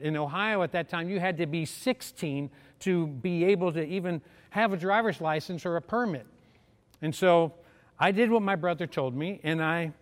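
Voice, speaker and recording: Middle-aged man delivering a sermon story in a fairly high voice, acting out each character; recorded in a reverberant hall. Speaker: preacher.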